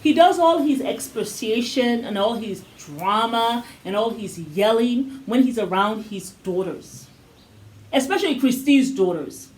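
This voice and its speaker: A woman co-hosting a casual review chat, talkative and opinionated, quick to act out scenes she describes. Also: a little high, animated, a little mellow, rough recording. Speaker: co-host of a TV review channel.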